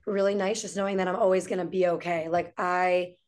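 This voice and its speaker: Animated storytelling woman guest. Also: on the low side, a little fast. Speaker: podcast guest, entrepreneur and singer. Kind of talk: casual conversation.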